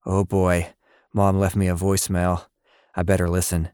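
A man's voice: low-pitched, moderate pace, clean tone, no echo, studio quality, close to an everyday voice. A man voicing an enthusiastic, supportive boy who praises his friend in an audio story. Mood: excited. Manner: excitable and praising.

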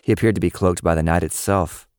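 A man narrating a story in a steady, even storytelling manner. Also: sits low, fast, smooth, no echo, studio quality. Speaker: audiobook narrator. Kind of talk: scripted narration.

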